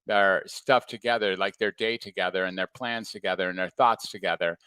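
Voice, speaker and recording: A man, a former psychiatrist now working as a coach, giving a calm and reflective talk to an audience. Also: low voice, a little fast, smooth, no room sound.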